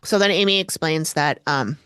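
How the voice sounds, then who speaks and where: A woman co-hosting a podcast, recapping a TV episode in casual chat and jumping in pitch when she quotes people. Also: moderate pace, fairly bright tone, clear, resonant tone, no room sound, clean studio sound. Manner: chatty, quotes people with sudden pitch jumps. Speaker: podcast co-host.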